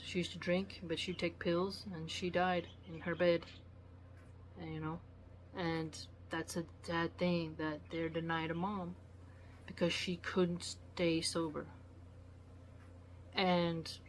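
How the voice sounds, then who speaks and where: A woman's voice: lowish voice, slight background noise. A woman giving blunt, preachy solo commentary, lecturing with acted asides. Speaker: vlogger.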